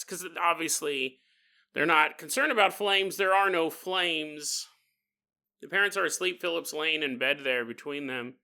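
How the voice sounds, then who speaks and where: A man's voice: a little high, a little slow, gravelly, bright, forceful tone, smooth. A man hosting a podcast, telling a story casually with rambling, joking asides. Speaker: podcast host.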